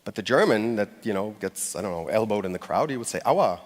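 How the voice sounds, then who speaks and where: A man's voice: lowish voice, expressive, fast. Man giving a talk in a reverberant hall. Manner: conversational, hesitant with fillers and restarts; acts out short quoted phrases with light laughs. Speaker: conference speaker. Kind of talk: live public talk. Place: stage in a large hall.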